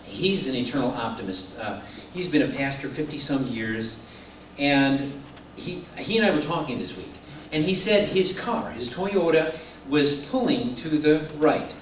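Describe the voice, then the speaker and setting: A middle-aged man giving a casual sermon-style talk to a group, a lively storyteller who laughs along with his own stories. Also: medium pitch, unhurried. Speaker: speaker addressing a group. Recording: roomy, distant mic, faint room noise.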